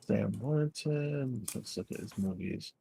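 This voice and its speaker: A man's voice: medium pitch, animated, unhurried, gravelly, mellow, breathy edge, dry recording. A man hosting a stream, rambling in casual, crude chat and laughing easily. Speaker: stream host.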